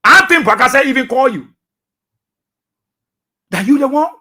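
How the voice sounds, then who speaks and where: A man's voice: very high-pitched, lively intonation, normal speed, sharp tone. A man with a Liberian English accent hosting political talk radio, passionate and repeating phrases for emphasis.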